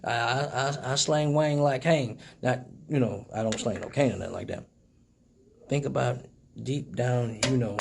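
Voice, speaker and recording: A man's voice: medium pitch, normal speed, gravelly, background noise. A man hosting a casual live stream, talking loosely and profanely, joking with viewers. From Michigan.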